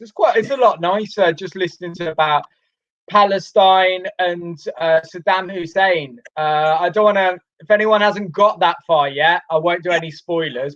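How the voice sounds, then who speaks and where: A man co-hosting a comedy stream over a video call, making dry, deadpan asides and reading out viewer comments. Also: high-pitched, no room sound, dull audio. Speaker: comedy show co-host. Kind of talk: casual chat and show links on a live stream.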